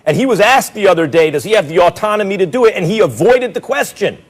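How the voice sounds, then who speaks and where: An animated man in a studio sports debate, sarcastic and mimicking others as he argues. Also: high-pitched, fast.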